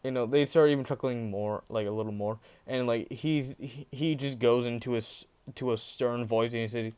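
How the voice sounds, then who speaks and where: A man's voice: medium pitch, steady tone, moderate pace, few pauses, darkish tone, clean tone. A man casually narrating a fan-made story, rambling, with many fillers and restarts.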